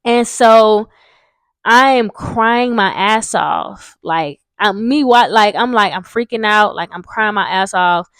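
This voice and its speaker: Young woman, casual storytime vlogger, rambling and frank, swears a lot, mid-pitched voice, dry close sound. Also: takes it slowly, a bit bright, clean tone, dry recording. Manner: rambling, frank, swears freely, many fillers.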